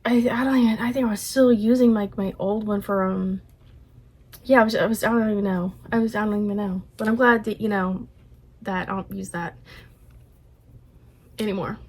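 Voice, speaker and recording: A woman's voice: medium pitch, steady tone, moderate pace, pauses often, a little mellow, slightly rough. A woman vlogger reacting to her own old video in a rambling, self-conscious way, often restarting her sentences. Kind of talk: casual reaction commentary.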